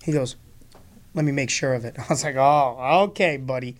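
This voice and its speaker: A man's voice: medium pitch, fairly even intonation, a little fast. A man telling a funny story in casual conversation, acting out both sides of the exchange and laughing often as he talks.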